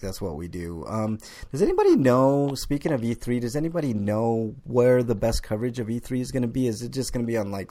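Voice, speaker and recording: A man's voice: fairly low pitch, darkish tone. A man hosting a casual gaming podcast, loose and joking, swearing freely and laughing often. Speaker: podcast host.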